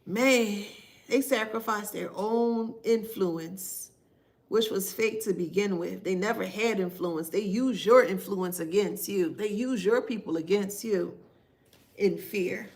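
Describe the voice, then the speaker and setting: A woman giving casual spiritual commentary to her viewers, slow and drawn-out, sarcastic and laughing often. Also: medium pitch, darkish tone.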